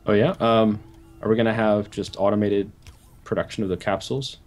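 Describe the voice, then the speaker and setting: A man chatting during a multiplayer game, animated and stumbling over his words as he tells stories. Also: on the low side, a little fast. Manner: animated storyteller, stumbles and restarts. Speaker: game co-player. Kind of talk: casual chat while gaming.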